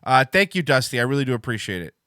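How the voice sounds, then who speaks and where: A man hosting a livestream show, chatting casually, excitable and swearing freely. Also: medium pitch, fast talker, no echo, studio quality.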